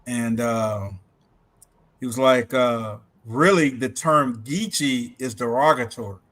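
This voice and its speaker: A middle-aged man co-hosting a casual livestream, telling animated stories from home, laughing often and acting out quotes. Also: mid-range voice, slow. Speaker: livestream co-host. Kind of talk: casual chat.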